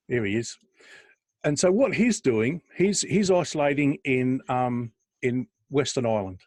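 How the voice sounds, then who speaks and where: A man's voice: a little high, animated, a little slow, a little mellow, no echo. A middle-aged man, co-hosting a podcast in a rambling, chatty way, often laughing and restarting his sentences. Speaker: podcast co-host. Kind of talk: casual chat.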